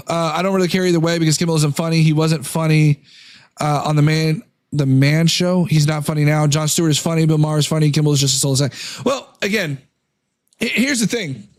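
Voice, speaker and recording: High-voiced man ranting on a live stream. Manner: reads statements aloud, then rants against them. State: losing his voice from illness. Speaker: political commentary streamer. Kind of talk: casual live-stream commentary.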